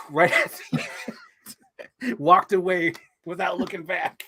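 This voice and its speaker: A man's voice: sits high, takes it slowly, sharp tone, husky. A man hosting a casual toy stream, laughing often, teasing his guest and swearing casually. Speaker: podcast host. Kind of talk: casual chat about toys.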